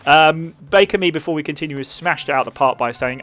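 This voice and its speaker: Rambling game master. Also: male voice, a little high, fast talker, fairly bright tone. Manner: rambling, full of fillers and laughs. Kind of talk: narrating a tabletop game.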